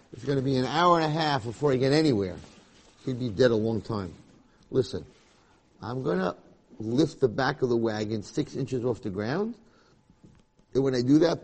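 A man voicing a simple, earnest working man, husky and worked-up. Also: mid-range voice, darkish tone, lightly acted.

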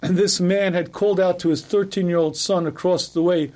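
A man, a rabbi, teaching a class in a lively lecturing manner, acting out little scenes and often clearing his throat. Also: high-pitched, a little fast. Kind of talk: recorded Torah class.

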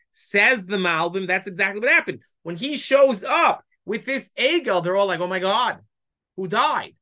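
Teacher, bright clear voice, walks through verses, keeps asking "why?" then answering. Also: medium pitch. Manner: explanatory, poses rhetorical questions, reads Hebrew verses aloud. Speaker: Bible teacher. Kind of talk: weekly text-study lesson.

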